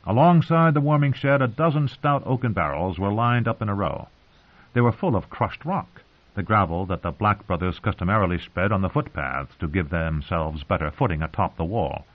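Grave male fantasy narrator, low voice, lo-fi phone-like sound. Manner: measured, grave storytelling. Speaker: audiobook narrator. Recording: tinny phone-like audio.

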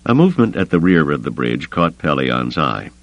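A male audiobook narrator with a very deep voice that still moves widely in pitch as he tells the story. The recording is close and dry, with no room sound. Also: sing-song, moderate pace, no room sound, muffled recording. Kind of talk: scripted narration.

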